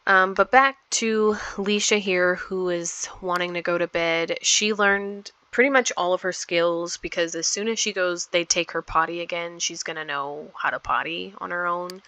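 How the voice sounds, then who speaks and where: A woman's voice: on the low side, steady tone, normal speed, few pauses, sharp tone, dry recording. Chatty woman narrating her gameplay. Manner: chatty, rambling with many ums. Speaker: gameplay vlogger. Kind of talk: casual game commentary.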